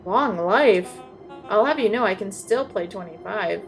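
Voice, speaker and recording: A woman's voice: mid-range voice, expressive, a little slow, creaky, faint music behind, low-quality recording. A woman voicing a pompous, cold old male villain in a game read-along, speaking theatrically. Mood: indignant.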